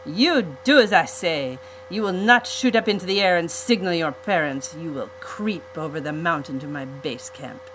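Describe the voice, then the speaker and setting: A woman's voice: low-pitched, normal speed, hardly any pauses, fairly bright tone, a little hiss or hum, poor audio. A woman reading a storybook aloud, voicing a domineering villainous count with scornful, commanding speech. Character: domineering villainous count, adult man, harsh.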